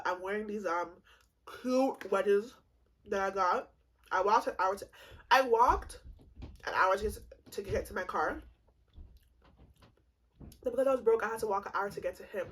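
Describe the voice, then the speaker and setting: A woman in her twenties telling a comedic storytime, animated and swearing freely, laughing often. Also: medium pitch, breathy edge, rough recording. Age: 20s. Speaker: vlogger.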